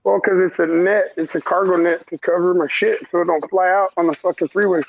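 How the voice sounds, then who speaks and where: A man's voice: high-pitched, fairly even intonation, brisk, creaky, highs cut off. A man chatting casually on a live stream, joking crudely and swearing freely.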